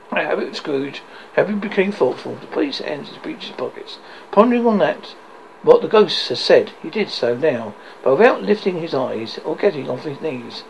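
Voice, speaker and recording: A man's voice: fairly high pitch, very animated, normal speed, vocal fry, highs cut off, a little hiss or hum. A man narrating a classic story aloud, stumbling and correcting himself as he reads. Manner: stumbling, self-correcting reading.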